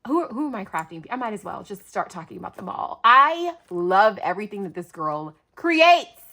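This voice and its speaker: A woman's voice: medium pitch, very animated, normal speed, pushed and bright. A middle-aged woman vlogging a craft-mail unboxing, gushing and exclamatory as she talks to her viewers. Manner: gushing, exclamatory, addresses viewers as "you guys". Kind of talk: excited unboxing chat.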